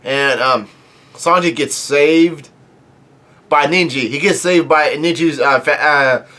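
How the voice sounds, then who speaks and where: A man casually retelling a comic chapter as a reviewer, halting often with fillers and restarts as he goes. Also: on the high side, sharp tone. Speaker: manga reviewer.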